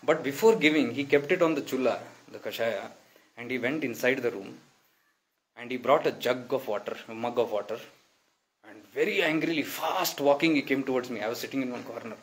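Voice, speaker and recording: A man telling a personal spiritual story in a soft voice and acting out the dialogue. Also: mid-range voice, fast, a little hiss or hum, low-quality recording. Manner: soft-spoken, acts out quoted dialogue.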